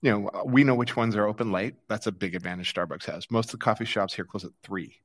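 A low-pitched man from the United States chats casually as a podcast co-host. He rambles and restarts his sentences, filling the gaps with fillers. The sound is dry and close, with no room around it. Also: fast, no room sound. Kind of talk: casual chat.

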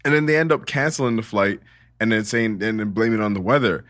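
A young man in casual podcast chat with friends, telling an animated story in slangy, profane talk and acting out quotes. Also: lowish voice, fast, no echo. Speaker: podcast co-host.

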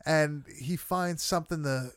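A man's voice: fairly high pitch, unhurried, a bit bright, clear, resonant tone, no echo, clean studio sound. A man casually recapping a horror film with friends, swearing often and leaning on fillers. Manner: loose, swearing, many fillers.

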